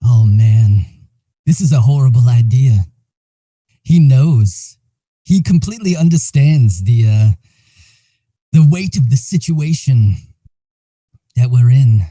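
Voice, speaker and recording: A man's voice: mid-range voice, expressive, slow, long pauses, dark tone, no room sound. A man playing a tabletop game, talking casually and animatedly, laughing often and swearing now and then. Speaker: player.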